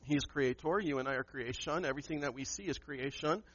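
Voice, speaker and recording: A man's voice: mid-range voice, fast, a bit bright, husky, muffled recording. A man preaching a sermon to his church, emphatic and asking the congregation questions. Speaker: pastor.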